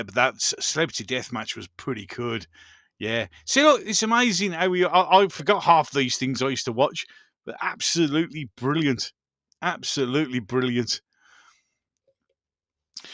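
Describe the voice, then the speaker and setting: A man's voice: medium pitch, bright, forceful tone, no room sound, studio quality. A man hosting a casual live chat, greeting viewers and reminiscing with enthusiasm, often repeating himself and laughing. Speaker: livestream host.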